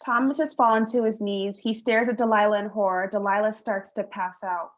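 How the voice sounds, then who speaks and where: A woman reading stage directions aloud in a play reading, tense and measured. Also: mid-range voice, steady tone, lo-fi sound.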